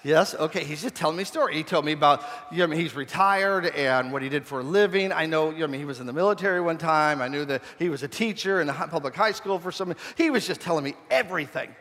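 A man with a fairly high voice preaches from the pulpit as a pastor, in a relaxed and humorous storytelling manner. His self-deprecating asides keep it conversational, and his voice rings out with a long reverb in a large church hall. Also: fast talker, few pauses. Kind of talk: storytelling sermon.

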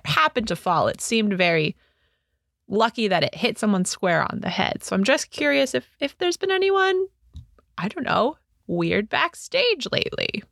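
Gravelly woman playing a tabletop game. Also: mid-range voice, fairly bright tone, dry recording, clean studio sound. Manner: hesitant, thinking aloud. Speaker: player. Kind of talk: casual tabletop play.

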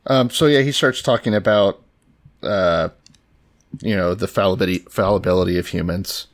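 A man's voice: deep voice, normal speed. A man co-hosting a podcast in casual chat, dry and sardonic, with profane asides. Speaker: podcast co-host.

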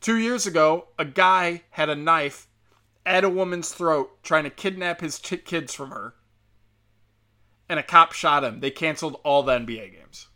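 A man's voice: a little high, normal speed, sharp tone. A man delivering a heated, profane, sarcastic monologue straight to his listeners, mocking and scolding them. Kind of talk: ranting monologue.

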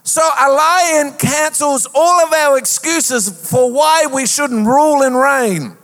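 Man, pastor, lively sermon, high voice, long hall echo. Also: slow. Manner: lively, rhetorical preaching with sing-song emphasis. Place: church auditorium.

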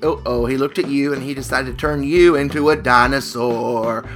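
A man co-hosting a comedy podcast, riffing on improvised scenarios with playful, drawn-out storytelling. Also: steady tone, a bit bright, soft background music. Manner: playful, drawn-out storytelling with sudden jumps in pitch. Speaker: podcast co-host.

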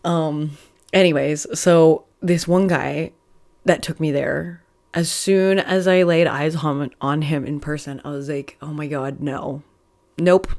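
Low-voiced woman telling candid stories. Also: steady tone, a little slow, darkish tone. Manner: candid, profane, laughs often while telling stories. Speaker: podcast host. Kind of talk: casual storytelling monologue.

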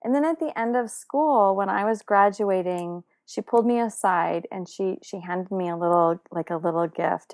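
A woman telling a personal story in a casual, animated way, with many fillers and restarts. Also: fairly low pitch.

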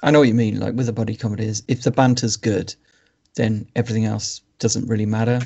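Male podcast co-host, gravelly and dry-witted, dull lo-fi recording. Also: on the low side, flat delivery, fast talker, darkish tone. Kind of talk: casual film review chat.

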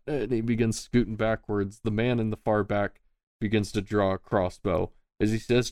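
Low-voiced male game master, dry sound. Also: fairly even intonation, normal speed, dry recording. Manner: casual, laughs often, swears freely. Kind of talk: narrating a tabletop game.

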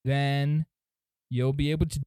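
A man's voice: mid-range voice, little pitch movement, measured pace, dark tone, clear, resonant tone, no echo, clean studio sound, close to an everyday voice. A man doing a folksy drawling gnome officer. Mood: breezy. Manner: folksy, drawling, says y'all. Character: confident male gnome in fancy armored suit.

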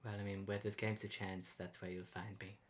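A man's voice: low voice, flat delivery, close to an everyday voice. A man playing Spooky, a mumbling furry poet. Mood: scheming. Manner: mumbling, halting with ums, then panicked yelling. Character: Spooky, furry creature poet on the run, melodramatic. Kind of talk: improvised comedy radio sketch. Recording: music playing behind.

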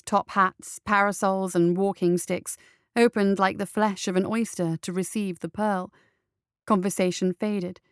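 A woman narrating an audiobook in a steady, measured storytelling manner. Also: medium pitch, clear, resonant tone, dry recording, clean studio sound.

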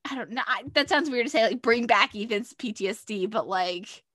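A woman's voice: on the high side, a little fast, sharp tone, no echo, clean studio sound. A woman co-hosting a casual podcast, chatting about a TV show with trailing asides. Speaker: podcast co-host.

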